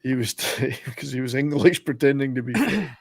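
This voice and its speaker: A man giving casual movie commentary with friends, laughing often and tossing in quick excited asides. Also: mid-range voice, breathy edge, no room sound. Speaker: podcast host.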